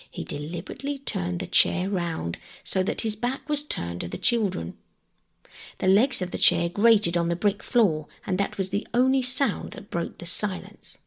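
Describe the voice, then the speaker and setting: Woman reading a bedtime story, hushed and gravelly, bit husky. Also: lowish voice, lively intonation, normal speed. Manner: quiet, hushed narration.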